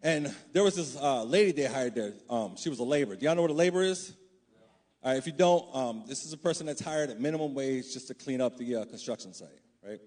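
A man's voice: medium pitch, lively intonation, fast talker, a little mellow. A man preaching a sermon: he reads scripture aloud, then talks loosely and conversationally, checking in with the congregation.

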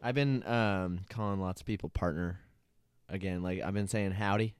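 Young male podcast co-host, low smooth voice, loose and jokey, dry close mic. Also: moderate pace, no echo. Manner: laughing, swearing, jokey banter. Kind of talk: casual chat.

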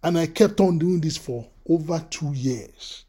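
High-voiced man preaching a sermon. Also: measured pace, breathy edge. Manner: animated, repeats words, acts out quoted voices. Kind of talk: sermon with personal storytelling.

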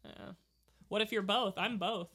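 A woman's voice: medium pitch, fairly even intonation, unhurried, a bit bright, slightly rough. A woman co-hosting a casual chat while watching a movie, playful and joking, laughing often.

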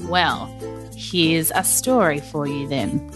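A woman reading a children's story aloud in a lively, animated storytelling manner. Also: fairly low pitch, music in the background. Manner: lively, animated, slow-paced narration.

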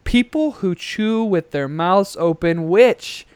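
A man's voice: high voice, takes it slowly, clean tone, dry recording. A young man co-hosting a podcast, chatting casually and ranting with plenty of swearing, recorded on a headset. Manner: ranting, profane, animated. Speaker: podcast co-host.

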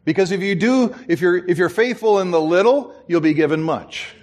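A man's voice: sits high, expressive, moderate pace, a little mellow. A middle-aged man preaching a sermon as pastor, telling stories and acting out the people in them. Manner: storytelling, acts out quoted voices, chuckles at himself.

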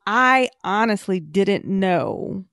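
An eager woman chats on a podcast, working through her thoughts aloud with lots of fillers. Her voice sits at a middle pitch and is recorded dry and close, with no room sound. She shares her opinions with enthusiasm. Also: expressive, slow pace, a bit bright, no room sound. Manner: enthusiastic, thinks aloud with fillers like "you know". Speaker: podcast co-host. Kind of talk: casual podcast discussion of a TV show.

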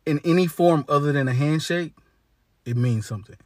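A man's voice: on the high side, a little fast, no echo, clean studio sound. A man ranting in a casual, blunt monologue, cursing heavily and talking in slang, with lots of restarts. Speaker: monologue speaker. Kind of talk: profane casual rant.

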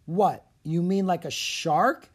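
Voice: medium pitch, slow, husky. An audiobook narrator voicing an anxious, seasick young boy asking wary questions. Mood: nervous.

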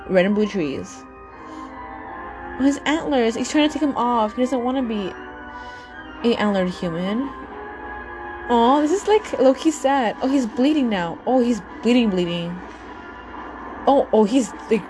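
A young woman hosting a casual podcast, reacting excitedly to a video with frequent exclamations and fillers. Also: fairly high pitch. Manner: gushing, exclamatory, many fillers. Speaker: podcast host.

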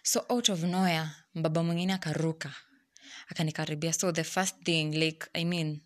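A young Kenyan woman with a notably low voice recounts a personal story to her viewers. She tells it casually and with exasperation, moving between English and Swahili slang. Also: steady tone, moderate pace.

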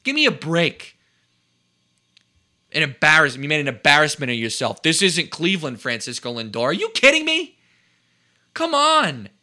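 The man has a high voice with a piercing brightness. He rants about sports in an indignant, emphatic way and hammers points home by repeating himself. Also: big pitch swings, normal speed, long pauses. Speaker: sports commentator. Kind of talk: heated sports talk rant.

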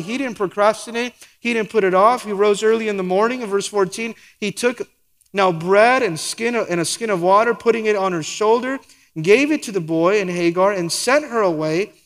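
High-voiced preacher in an echoing hall. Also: male voice, brisk. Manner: preaching with rhetorical questions and quoted asides. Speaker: pastor. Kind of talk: sermon.

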